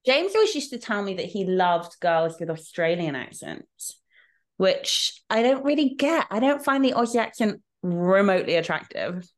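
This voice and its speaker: A woman's voice: medium pitch, animated, normal speed. A woman co-hosting a podcast in casual chat, laughing often and swearing freely. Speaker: podcast co-host.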